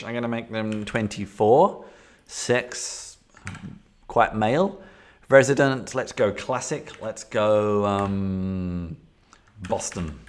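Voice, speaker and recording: A man with a fairly low voice streaming a solo tabletop game. He chats casually and thinks aloud, rambling with lots of fillers and restarts. He speaks into a desktop setup with a camera.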